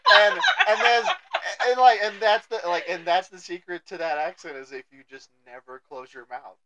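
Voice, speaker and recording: A man's voice: high voice, normal speed, crowd noise, low-quality recording. A man with a Southern US accent hosting a casual podcast, joking and poking fun at himself, often trailing off mid-thought. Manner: joking, self-mocking, trails off. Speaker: podcast host. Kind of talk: casual chat.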